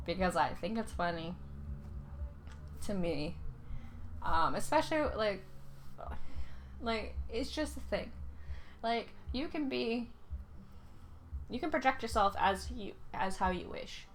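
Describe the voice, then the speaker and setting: A young woman from Canada giving casual reaction commentary, often pausing and searching for her words. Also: mid-range voice, expressive, a little hiss or hum. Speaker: reaction video host.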